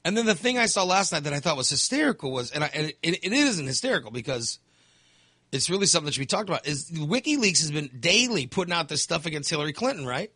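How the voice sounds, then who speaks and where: A man with a fairly high, bright voice launches into a casual political rant. He sighs, swears and slips into mocking impressions of the people he is talking about. The sound is close and dry, with no room around it. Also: quick pace, slightly rough, dry recording. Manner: animated, mocking quotes of others, swears, sighs.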